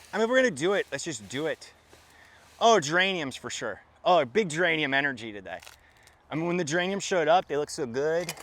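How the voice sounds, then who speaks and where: A chatty, jokey man from Florida talks through a casual gardening live stream and chats with his cat along the way. His pitch rises and falls a lot as he talks, and he sounds relaxed and playful.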